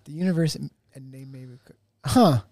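A man's voice: a little high, a little fast, darkish tone, dry recording, clean studio sound. A man co-hosting a casual podcast, joking around and reading chatbot answers aloud in a put-on voice. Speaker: podcast co-host. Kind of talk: casual chat.

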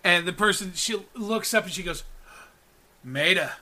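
A man narrating as game master in a relaxed, hesitant way with many fillers. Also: high voice, a little fast.

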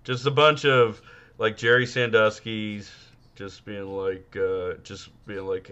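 A man's voice: fairly low pitch, little pitch movement, slow, sharp tone, clear, resonant tone, lo-fi sound. A man co-hosting a podcast, chatting crudely and rambling with many fillers. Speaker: podcast co-host. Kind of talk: casual comedic chat.

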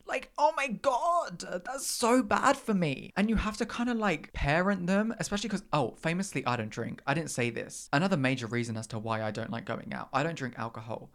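A young man hosting a podcast, talking in a sassy, dramatic casual monologue with big pitch swings. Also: fairly bright tone. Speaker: podcast host.

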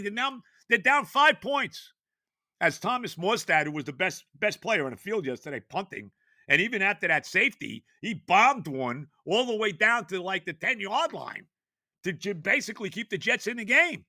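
A man, ranting on his sports podcast, exasperated and stammering, often shouting. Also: high-pitched, big pitch swings, normal speed, no echo. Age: 70s. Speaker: podcast host.

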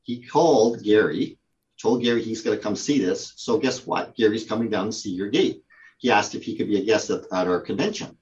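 A man's voice: fairly low pitch, a little fast, darkish tone, lo-fi sound. A man, a guest who owns a prop company, telling a story in casual conversation, with many fillers and restarts.

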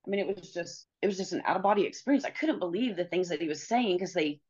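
Woman, middle-aged, very low voice, earnest, halting, dull lo-fi sound. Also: lively intonation, darkish tone, husky. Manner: earnest, halting, many pauses and fillers. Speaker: guest. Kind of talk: personal storytelling.

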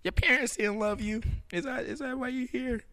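A young man chatting casually on a podcast, telling a story in an animated way and acting out the other people in it. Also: very high voice, moderate pace. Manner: animated, acts out voices in stories, laughs loudly.

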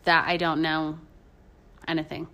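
A woman's voice: deep voice, flat delivery, measured pace, pushed and bright. A woman from Scotland, chatting on a podcast with thoughtful, dry humor. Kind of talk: casual chat.

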